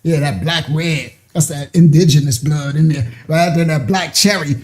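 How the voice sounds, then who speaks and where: A man telling a personal story in a casual way, animated and often laughing. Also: a little high, normal speed. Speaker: ministry speaker.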